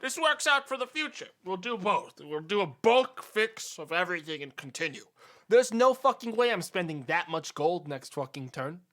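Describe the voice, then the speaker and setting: Male streamer, rambling and profane during gameplay, with a high, bright voice. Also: very animated, moderate pace. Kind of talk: gameplay commentary.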